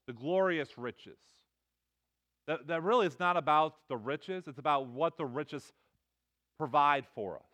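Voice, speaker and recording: A man's voice: on the high side, sharp tone. A middle-aged man preaching a sermon in a loose, conversational way, with lots of fillers and restarts. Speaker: pastor.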